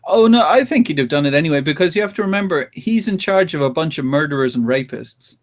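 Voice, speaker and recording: A man hosting a podcast, chatting casually and retelling things with animated laughter. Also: fairly high pitch, fast. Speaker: podcast host. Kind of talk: casual chat.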